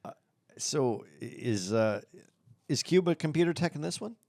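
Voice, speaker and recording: A man's voice: a little high, animated, normal speed, gravelly, a little mellow, no echo, studio quality. A man co-hosting a comedy podcast in casual chat, laughing easily and stumbling over his words when amused. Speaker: podcast co-host.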